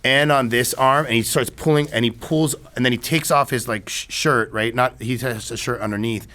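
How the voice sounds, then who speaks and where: A man, a filmmaker guest in a casual interview, spins a rambling story packed with restarts, asides, and "you know what I mean." He's medium-pitched, bright, and forceful, speaking at a moderate pace.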